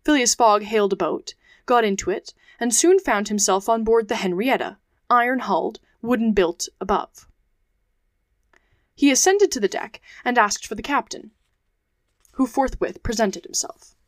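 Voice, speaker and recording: A woman's voice: a little high, no echo. Woman narrating a classic novel, dry sound. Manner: measured, phrase-by-phrase reading. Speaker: podcast host reading a classic novel. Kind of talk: audiobook narration.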